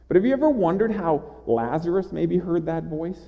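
A man's voice: a little high, expressive, moderate pace, gravelly, few pauses. A man preaching a sermon in an earnest way, with small stammered restarts and rhetorical questions. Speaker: pastor. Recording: dull audio with long hall reverb.

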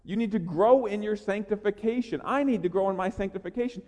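A man preaches an energetic, earnest sermon, often repeating his words as he presses a point. His voice sits high for a man. It carries with the long reverb of a church sanctuary. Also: a little fast. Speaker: pastor. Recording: long reverb of a large hall.

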